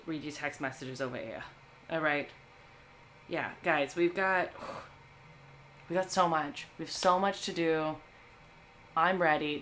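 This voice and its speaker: A woman's voice: low voice, a bit bright, a little hiss or hum. A woman hosting a live movie stream, talking to her chat in a playful, chatty way.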